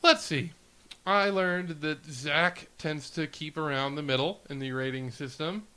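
A man's voice: fairly high pitch, a little slow, bright, forceful tone, clear, resonant tone. A man co-hosting a podcast, chatting casually, joking and laughing often. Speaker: podcast co-host.

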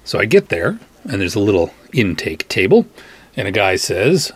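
Middle-aged male podcast host, husky, animated storyteller who acts out the voices. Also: deep voice, moderate pace, no echo. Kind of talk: comic anecdote, casual storytelling.

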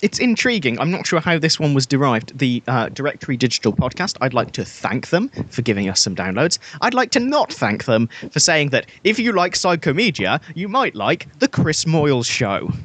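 A man's voice: fairly high pitch, sing-song, normal speed, hardly any pauses, fairly bright tone, breathy edge, no room sound. British man, podcast co-host, rambling chat, dry mic. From Britain. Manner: rambling, self-deprecating. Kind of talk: casual chat.

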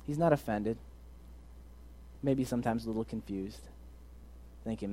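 A young man giving a casual, earnest sermon, moving between loud emphasis and quiet, soft asides. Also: fairly low pitch, unhurried, a little hiss or hum. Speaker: preacher.

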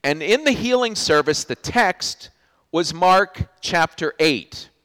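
Male pastor, sermon; animated storyteller, bouncing melody, stops and restarts mid-phrase. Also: on the high side. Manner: animated storytelling, frequent restarts, swings from loud to hushed.

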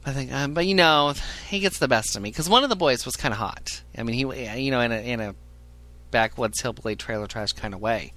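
On a podcast, a man tells a crude, funny story in a bright, forceful, mid-range voice at a brisk clip. He's animated and profane, laughing at his own jokes throughout.

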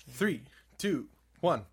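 A man's voice: mid-range voice, sing-song, drawn-out words, a bit bright, a little hiss or hum. A man hosting a podcast, laughing and restarting his intro as he counts down. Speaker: podcast host. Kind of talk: casual chat, fumbling intro takes.

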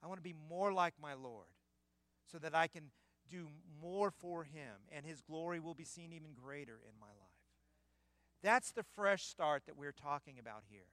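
Emphatic high-voiced male preacher. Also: animated, moderate pace, no room sound. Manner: emphatic, swells to loud peaks. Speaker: pastor. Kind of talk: sermon. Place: church building.

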